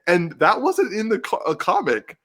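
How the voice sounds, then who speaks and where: A man co-hosting a casual podcast, talking excitedly and emotionally with lots of restarts and swearing. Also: medium pitch, moderate pace. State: getting teary-eyed. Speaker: podcast co-host.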